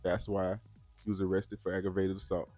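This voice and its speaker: A man's voice: low-pitched, monotone, brisk, mellow, no echo, faint music behind. A man hosting a reaction channel, talking casually and straight to his viewers, often repeating words as he goes. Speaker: host of a bodycam reaction channel.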